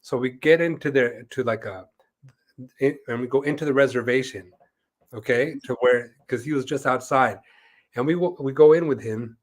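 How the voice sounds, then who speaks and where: A man's voice: mid-range voice, moderate pace. A man co-hosting an interview show, telling a long story in casual chat, rambling with many fillers and acting out the voices of people he quotes. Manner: rambling, full of "like" and "you know", acts out quoted voices. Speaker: co-host.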